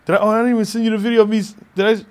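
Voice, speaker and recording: A man's voice: high-pitched, little pitch movement, very fast, darkish tone, clear, resonant tone. A man chatting casually as a podcast co-host, laid-back, laughing often and swearing now and then. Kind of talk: casual chat.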